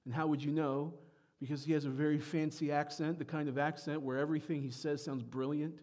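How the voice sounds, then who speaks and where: A pastor preaching a sermon, moving from quiet reflection to loud, emphatic peaks. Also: male voice, fairly high pitch, flat delivery, a little fast.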